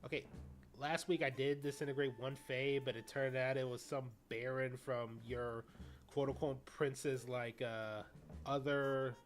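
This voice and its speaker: A man's voice: medium pitch, fairly even intonation, measured pace, faint music behind. A man streaming a game, chatting casually and cracking jokes while he reads dialogue aloud. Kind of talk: casual game playthrough chat.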